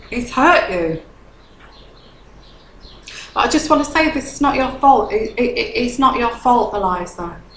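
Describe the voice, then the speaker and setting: A woman's voice: mid-range voice, echoey room, a little hiss or hum, poor audio. A woman giving a tarot reading to a viewer, earnest and consoling, often checking in with "okay?". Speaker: tarot reader.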